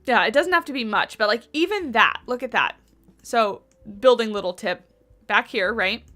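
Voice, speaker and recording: A woman chats her way through a game-building livestream from home, rambling cheerfully to her viewers. Her voice sits a little high and sounds bright and clear on a desktop mic. Faint music plays underneath. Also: expressive, moderate pace. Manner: chatty, rambling, talks to chat readers. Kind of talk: casual chat while building in a game. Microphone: USB desktop mic on boom arm.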